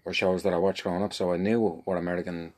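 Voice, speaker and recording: A man's voice: sits low, little pitch movement, quick pace, darkish tone. A middle-aged man with an Irish accent, chatting casually and making dry, wry jokes. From Ireland. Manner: dry joking, wry asides. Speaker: podcast co-host, husband. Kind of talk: casual chat.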